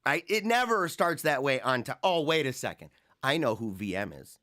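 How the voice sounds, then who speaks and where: A man's voice: medium pitch, very animated, normal speed, sharp tone. A man hosting a livestream show, chatting casually, rambling, mocking and laughing often as he reads viewer comments. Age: adult, married with young children.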